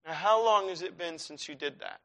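A man preaching a sermon, telling a personal story with lively swings from hushed to shouted. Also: sits high, fairly quick.

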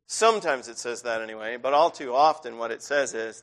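A man's voice: medium pitch, fairly quick, few pauses, fairly bright tone. A middle-aged man preaching a sermon in a church, talking in a conversational way that builds to intense stretches.

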